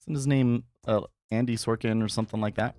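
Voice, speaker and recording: A man's voice: mid-range voice, fairly even intonation, a little fast, a little mellow, no room sound, soft background music. A man talking casually on a live trading stream, thinking aloud with frequent restarts and tangents.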